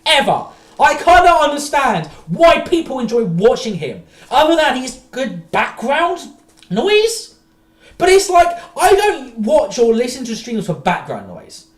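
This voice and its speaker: A woman's voice: high-pitched, huge pitch swings, unhurried, roomy sound. A woman streamer ranting profanely in exasperated reaction commentary.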